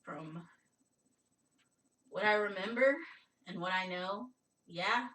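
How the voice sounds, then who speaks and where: A woman's voice: mid-range voice, takes it slowly, a bit bright, echoey room, recorded from a distance, rough recording. A woman playing in a tabletop game, joking and offhand. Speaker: player. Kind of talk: casual chat in a tabletop game.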